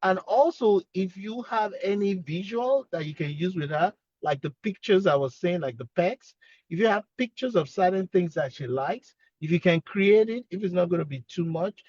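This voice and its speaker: Encouraging man with an accent, high voice. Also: lively intonation, moderate pace, no echo, highs cut off. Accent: non-native English accent. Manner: gentle, encouraging, acts out example dialogues. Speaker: speech-language pathologist, expert guest. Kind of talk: advice on a video call. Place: in his car. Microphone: video call.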